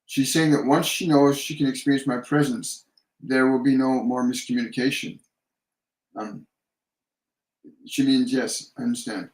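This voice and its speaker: Gentle man channeling in an echoey room. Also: mid-range voice, fairly even intonation. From Canada. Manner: gentle, repeats phrases, leads slow guided breathing. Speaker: medium hosting a live Q&A. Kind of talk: live-stream channeling Q&A.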